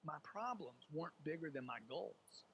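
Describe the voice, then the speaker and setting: A man speaking as a guest in an interview. He is emphatic and animated, acts out quoted voices, and calls the listener "dude.". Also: a little high, normal speed, slightly rough, rough recording. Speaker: sales author and guest. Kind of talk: animated motivational interview talk.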